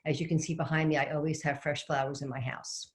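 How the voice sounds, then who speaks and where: A middle-aged woman with a low voice and fairly even intonation talks fast. She's an organizing coach on a video-call webinar from home, fresh flowers behind her, telling a chatty story and putting questions to the audience.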